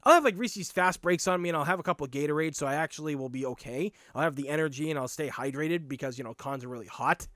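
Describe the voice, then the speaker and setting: A man with a Boston accent, hosting a podcast and telling stories in a blunt, animated, casual way with some swearing. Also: a little high, quick pace, hardly any pauses, no room sound, clean studio sound. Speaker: podcast host. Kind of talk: casual storytelling monologue.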